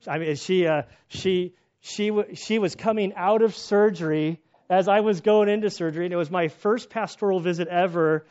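A man preaching in an animated, storytelling way. His voice sits a little high, he often trips over restarts, and the recording sounds muffled and lo-fi. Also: moderate pace, hardly any pauses. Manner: animated, acts out quoted voices, self-interrupting restarts. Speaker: pastor and chaplain. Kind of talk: sermon with personal storytelling.

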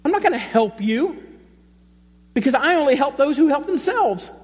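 A man's voice: very high-pitched, sing-song, moderate pace, darkish tone, voice pushed up. A man voicing an impatient, dismissive man who sarcastically sends someone away. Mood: scornful. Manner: sarcastic, curt, mocking. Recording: long reverb in a large hall.

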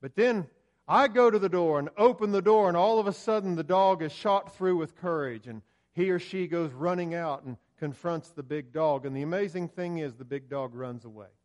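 A man preaching a sermon, building to loud emphatic peaks and dropping low and slow.

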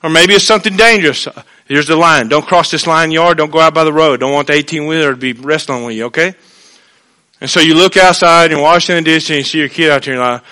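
A man preaching a sermon, swinging between hushed asides and loud, animated passages. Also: a little high, brisk. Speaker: pastor. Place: church.

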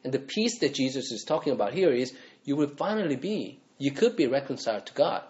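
A man's voice: mid-range voice, very animated, fairly quick, a little mellow, dull audio. A man, a pastor, preaching a sermon in a conversational way, often asking the congregation rhetorical questions.

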